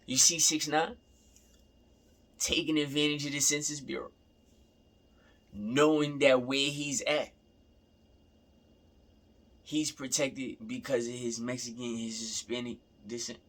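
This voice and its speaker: A man's voice: medium pitch, steady tone, measured pace, pauses often, fairly bright tone. A young man in a casual, rambling rant, repeating himself and swearing freely. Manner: rambling, repeats himself, profane, laughing asides.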